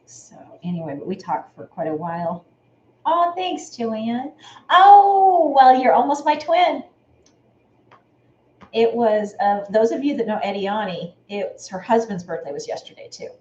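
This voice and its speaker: A woman's voice: a little high, expressive, a little slow, darkish tone, dull audio. A woman hosting a sewing channel live stream, talking casually and rambling, thanking viewers by name as she goes. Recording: echoey room with faint noise.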